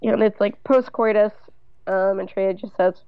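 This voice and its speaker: A woman's voice: medium pitch, fairly even intonation, measured pace, smooth, no room sound. A woman co-hosting a casual podcast, recapping a TV episode with dry, wry remarks and read-out quotes. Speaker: podcast co-host. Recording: dry, slightly dull mic sound.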